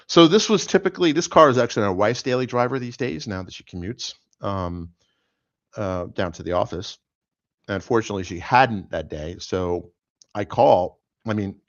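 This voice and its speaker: A middle-aged man, still sore after an accident, hosting a show and telling a rambling, animated story with lots of fillers. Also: fairly low pitch, no room sound, dull audio. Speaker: host. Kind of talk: casual chat.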